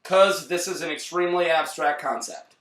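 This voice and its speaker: A man hosting a casual movie review chat, excitable and rambling, often cutting himself off mid-sentence. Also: on the high side, normal speed. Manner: excitable, rambling, self-interrupting. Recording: roomy, distant mic.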